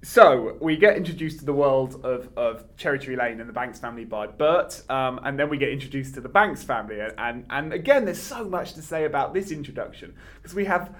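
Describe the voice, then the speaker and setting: Man, podcast co-host, casual film chat, animated, argumentative, restarts a lot. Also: mid-range voice, brisk, few pauses.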